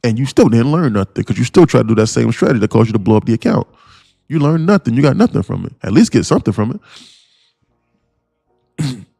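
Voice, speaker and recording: A man's voice: medium pitch, sing-song, fast, vocal fry, pauses often, mellow, slightly rough, no room sound, soft background music. A man who hosts a day-trading live stream, ranting bluntly and repetitively at his viewers, swearing freely and calling them guys and bro. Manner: blunt, profane, repetitive and pushy.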